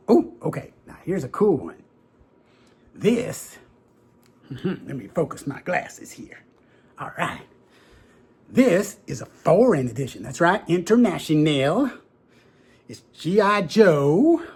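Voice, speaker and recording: A man's voice: on the high side, husky. A middle-aged man hosting a casual unboxing chat, folksy and enthusiastic, often repeating his favorite phrases. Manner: enthusiastic and folksy, repeats "very cool" and "that's right". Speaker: comic book collector and video host.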